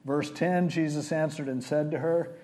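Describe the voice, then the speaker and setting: Guy preaching, kinda high voice but mellow, just chatting thru the bible story. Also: steady tone, moderate pace. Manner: casual, conversational retelling of scripture. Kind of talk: sermon.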